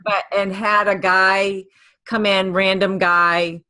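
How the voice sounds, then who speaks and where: Sympathetic woman podcast host with a bright voice. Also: mid-range voice, flat delivery, slow, dry recording. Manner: sympathetic, conversational. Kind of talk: casual interview chat.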